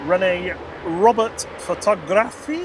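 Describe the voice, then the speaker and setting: Man, live stream host, cheerful, high-pitched, outdoors, faint noise. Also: slow pace. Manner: upbeat, greets chat viewers by name. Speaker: livestream host. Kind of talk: live plane spotting stream chat. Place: outdoors at an airport.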